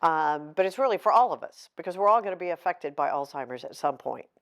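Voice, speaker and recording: A woman's voice: low voice, lively intonation, quick pace. A middle-aged woman author giving a candid, heartfelt talk to an audience, mixing emotion with self-deprecating humor. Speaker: author at a book signing.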